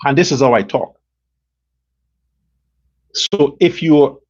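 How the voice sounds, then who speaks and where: A Guyanese man hosts a political talk show and rants, blunt and profane, repeating himself for force. His voice is husky and his pitch sits in the middle. The recording sounds dull and lo-fi. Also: slow, long pauses, darkish tone. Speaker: political commentary host. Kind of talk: ranting political commentary.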